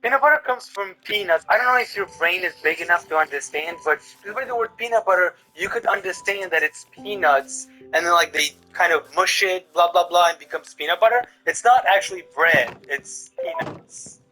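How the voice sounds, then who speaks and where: A man's voice: high-pitched, fairly quick, hardly any pauses, sharp tone, faint music behind, low-quality recording. A man hosting a reaction video, giving sarcastic, mocking commentary on clips.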